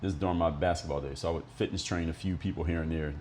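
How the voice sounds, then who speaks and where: A man's voice: a bass voice, fairly even intonation, very fast, a little mellow, slight background noise. A middle-aged man from Miami talking solo as a podcast host, telling stories bluntly, with some swearing. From Miami, United States. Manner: blunt, profane, explanatory. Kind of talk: monologue storytelling.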